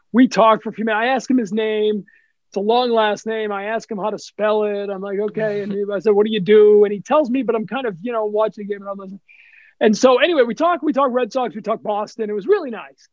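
A man being interviewed as a guest, telling anecdotes in a casual, animated way and acting out the dialogue he quotes. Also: high voice, quick pace, dry recording, muffled recording. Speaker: guest, sports TV studio host. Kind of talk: casual podcast storytelling.

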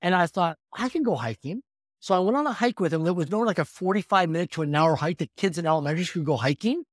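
Man in his fifties, podcast guest, quick and lively storytelling, slightly high voice, dry sound. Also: no room sound. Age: 50s. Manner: energetic, animated storytelling. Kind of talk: storytelling in conversation.

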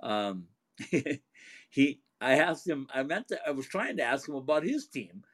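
A man's voice: medium pitch, sing-song, a little slow, a bit bright. Chatty man talking college hockey. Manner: chatty, laughs while telling stories. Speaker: hockey broadcaster, co-host. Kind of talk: casual hockey chat.

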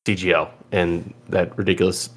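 Male podcast host, very low voice, meandering casual chat. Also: flat delivery, normal speed, breathy edge. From Illinois. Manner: rambling, filler-heavy.

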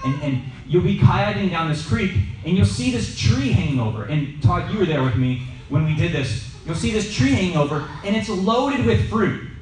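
A man's voice: high voice, normal speed, slight background noise. A man casually teaching a Bible study to a group, telling stories and asking the listeners questions. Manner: lively, storytelling, asks the audience questions. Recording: echoey room, mic at a distance.

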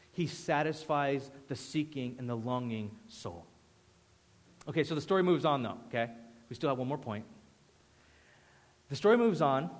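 Man, pastor preaching, animated storytelling, sudden hushed drops, slightly high voice, reverberant hall. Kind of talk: sermon.

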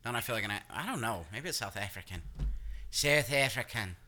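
A man with a very bright, ringing voice sits low in pitch as he rambles through a relaxed podcast chat. He laughs often and slips into goofy voices mid-thought. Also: quick pace, slight background noise. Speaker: podcast co-host. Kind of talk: casual chat.

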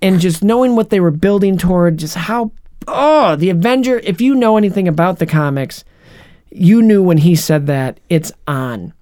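Give me a man recapping a movie on a podcast, animated and chatty, his voice dry and close. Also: sits high, clear, resonant tone, no echo. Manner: animated retelling, acts out scenes in quick voices. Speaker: podcast co-host. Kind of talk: casual movie recap chat.

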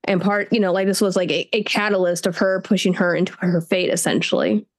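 A woman's voice: on the low side, steady tone, fairly quick. Chatty woman co-hosting a book talk. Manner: chatty, acts out reactions in quoted voices. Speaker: book podcast co-host. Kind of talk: casual chat.

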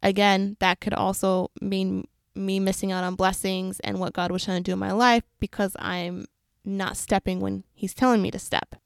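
A woman's voice: medium pitch, little pitch movement, vocal fry, smooth, dry recording. A young adult woman telling a personal faith story in an earnest, reflective way, close to the mic. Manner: earnest and reflective, with quick runs of words. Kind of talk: personal faith testimony, casual.

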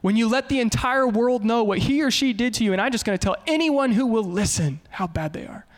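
Male pastor, high-pitched, lively preacher, big echoing hall. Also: fairly quick. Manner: animated, shifts into quoted voices. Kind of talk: sermon.

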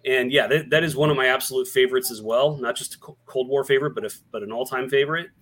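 A man's voice: mid-range voice, quick pace, a bit bright. A man co-hosting a casual podcast chat over a video call as the film buff, hesitant and full of ums and uhs.

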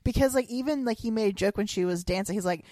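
A woman co-hosting a podcast, chatting casually with lots of "like" and quick, expressive reactions. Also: mid-range voice, no room sound, studio quality. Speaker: podcast co-host. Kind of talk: casual chat.

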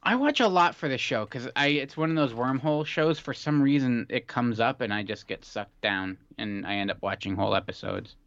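A man's voice: mid-range voice, a little fast, hardly any pauses, a bit bright, no room sound. A man co-hosting a podcast, chatting in an easygoing, enthusiastic way. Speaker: podcast co-host. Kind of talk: casual chat. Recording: dull dry podcast mic.

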